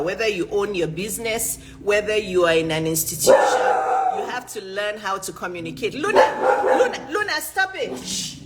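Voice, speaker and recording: A woman's voice: medium pitch, fairly bright tone. A middle-aged woman giving a motivational coaching talk on a livestream. She speaks emphatically, repeats her key phrases and often checks in with "okay?". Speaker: business and lifestyle coach.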